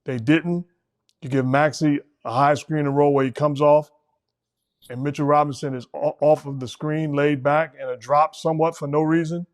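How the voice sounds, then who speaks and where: A man's voice: a little high, steady tone, moderate pace. A middle-aged man hosting a casual basketball talk show, speaking emphatically and repeating words when he presses a point. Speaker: host, former coach.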